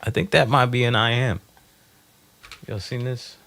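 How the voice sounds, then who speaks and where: Working on a song alone, this producer tries out lines, sometimes singing them over a beat as he thinks aloud. He has a medium-pitched, fairly bright voice with vocal fry, and he speaks a little slowly.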